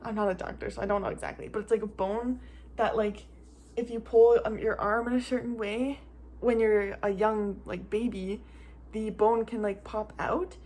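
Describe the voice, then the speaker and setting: A woman's voice: medium pitch, fairly even intonation, moderate pace, darkish tone. A young woman and mother telling a casual storytime vlog, chatty and rambling with many "like" fillers, close to tears at times.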